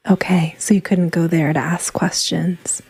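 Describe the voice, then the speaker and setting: A woman interviewer asks short, gentle questions. Her voice sits a little low and she speaks slowly. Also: flat delivery, creaky, slightly rough. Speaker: podcast host.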